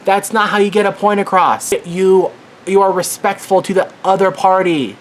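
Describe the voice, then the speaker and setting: A man's voice: high-pitched, fairly even intonation, moderate pace. A worked-up man giving an angry commentary rant as a vlogger, swearing and exasperated.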